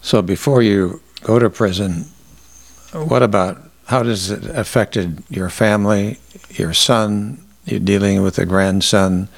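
A man interviewing a guest, asking measured questions and listening closely. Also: lowish voice, vocal fry.

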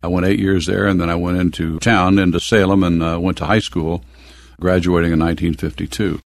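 Older midwest guy, low gravelly voice, reminiscing in an interview, chuckles here and there. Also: little pitch movement, fairly quick, no echo, studio quality. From American Midwest. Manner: reminiscing, chuckles now and then. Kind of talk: oral history interview.

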